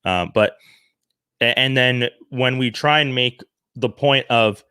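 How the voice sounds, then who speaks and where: A man's voice: mid-range voice, slow, clear, resonant tone, dry recording. Earnest man from Canada, dry close mic. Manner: earnest, animated, with frequent restarts. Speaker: commentary vlogger. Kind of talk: opinion commentary monologue.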